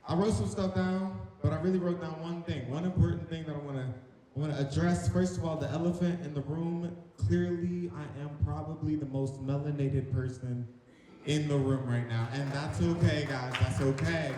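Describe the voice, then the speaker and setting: A young male stand-up comic from North Carolina performs on stage in a large hall, his voice echoing with reverb. His voice is on the high side yet dark in tone, steady and at a normal speed. He's playful and chatty, teasing the audience as he goes.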